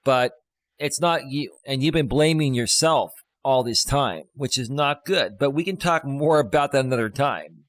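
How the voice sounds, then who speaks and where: A man's voice: medium pitch, normal speed, no echo. A man hosting a live stream as a life coach, explaining things casually and reassuring his partner.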